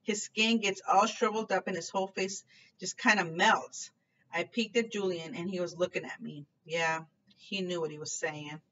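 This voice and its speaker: A woman reading a children's novel aloud in a clear, expressive storytelling manner. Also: fairly low pitch, moderate pace. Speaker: book reader. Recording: distant dull lo-fi recording, faint noise.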